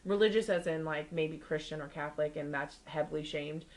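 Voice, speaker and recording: Speaking fairly quickly in a slightly mellow voice, this young podcast co-host chats casually on a rough recording. She is a talkative storyteller who acts out quotes from the people in her tales, jumping widely in pitch.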